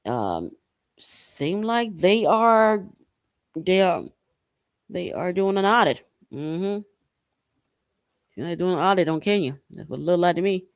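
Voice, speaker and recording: A man from Haiti hosting a podcast, talking in a loose, slangy commentary style and breaking into loud whoops. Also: high voice, lively intonation, unhurried, long pauses, clean tone, no room sound. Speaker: podcast host. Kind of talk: casual commentary monologue.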